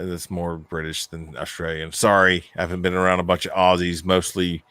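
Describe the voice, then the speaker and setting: A man's voice: low-pitched, level tone, moderate pace, fairly bright tone, dry recording. A man co-hosting a casual live-stream chat, joking and cursing as he reads out viewer comments. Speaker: podcast co-host.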